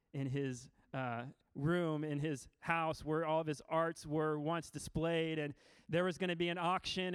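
High-voiced man preaching a sermon. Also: smooth, dry recording. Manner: storytelling with acted-out quotes, lively and emphatic. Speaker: pastor.

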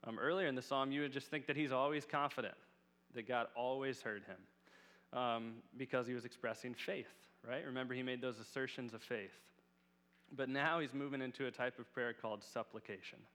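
A man's voice: medium pitch, fairly even intonation, moderate pace, a bit bright. Earnest male preacher in a reverberant hall. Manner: earnest, casual with fillers. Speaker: Bible teacher. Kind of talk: conversational sermon.

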